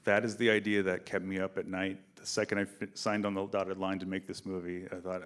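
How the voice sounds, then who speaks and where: A film director answering questions at a festival Q&A, telling production stories and acting out quoted dialogue with energy. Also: male voice, low-pitched, fairly quick. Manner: animated storyteller, acts out quoted dialogue. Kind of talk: festival Q&A interview. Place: theater stage, in front of an audience.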